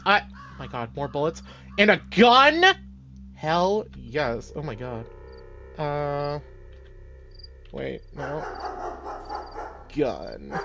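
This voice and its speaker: A man streaming a game playthrough, reading the game's dialogue aloud in put-on British voices and reacting with excited swearing. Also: a little high, measured pace, pauses often, slight background noise.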